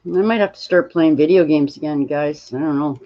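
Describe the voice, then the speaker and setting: A tired woman hosting a casual livestream while crafting, rambling and greeting viewers from chat. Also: sits low. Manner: slow, rambling, reads chat aloud. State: tired, yawning. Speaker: livestream host. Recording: dull lo-fi stream audio.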